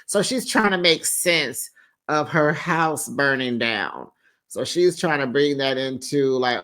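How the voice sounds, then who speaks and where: Sassy male recap host, chatty and unhurried, slightly high voice. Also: bright, forceful tone. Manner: sassy, chatty, full of fillers and asides. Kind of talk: casual reality TV recap.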